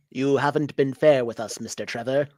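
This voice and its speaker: A host voicing a greedy, menacing male warlord in a comic script read-through, speaking slowly and low with sudden shouts. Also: no room sound, studio quality, natural voice. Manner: slow, low, threatening delivery with shouted outbursts.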